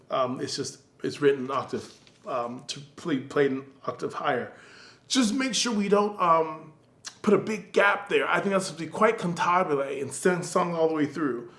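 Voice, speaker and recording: A man with a fairly high voice gives a casual music lesson. He sings the passages aloud in quick syllables and starts over mid-sentence. The room around him is echoey. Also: expressive, fairly bright tone. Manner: talks in loose restarts. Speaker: music teacher giving feedback.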